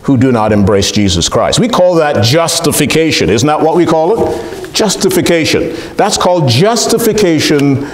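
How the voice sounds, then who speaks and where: A male pastor preaching a sermon, animated, often putting questions to the congregation. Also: on the high side, normal speed, reverberant.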